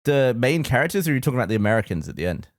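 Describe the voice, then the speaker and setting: A man's voice: mid-range voice, big pitch swings, very fast, no room sound, clean studio sound. A British man co-hosting a podcast in casual chat, dropping wry, laughing interjections. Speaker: podcast co-host.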